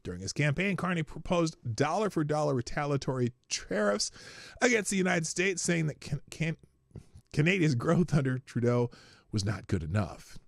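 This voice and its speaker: A man's voice: on the high side, animated, normal speed, vocal fry, dry recording, clean studio sound. Minnesota guy hosting a live stream, reads the news, cracks sarcastic jokes, voice bounces up and down. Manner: sarcastic, laughs at own jokes. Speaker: livestream host. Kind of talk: reading news with joking asides.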